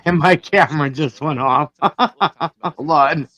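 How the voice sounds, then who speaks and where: A woman's voice: deep voice, slow, a bit bright, highs cut off. A woman co-hosting a live stream, telling a story in a chatty way and laughing often. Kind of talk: casual live-stream chat.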